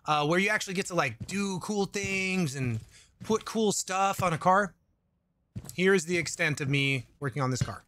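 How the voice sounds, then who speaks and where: A man's voice: sits high, normal speed, a bit bright. A man doing casual let's-play commentary into a desk mic, rambling with jokey asides, swearing and reading chat aloud. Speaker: gaming YouTuber. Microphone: desk microphone.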